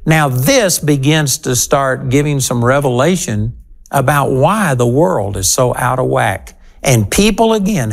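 On his broadcast program, a man with a slightly high, creaky voice teaches the Bible. He addresses his listeners directly and emphatically, and his voice jumps up whenever he hits a key point.

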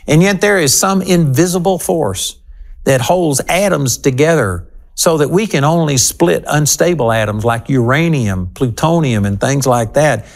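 A man's voice: on the high side, expressive, unhurried. A man teaching the Bible on his broadcast program. He talks straight to his listeners, and his voice leaps up on key points. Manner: emphatic, talking straight to listeners.

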